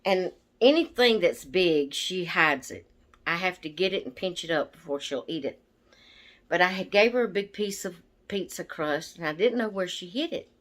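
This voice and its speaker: Lower-pitched but animated, this woman vlogs for a doll channel. Her talk to camera is casual, slow, and chatty, and she's easily sidetracked and somewhat breathless from asthma.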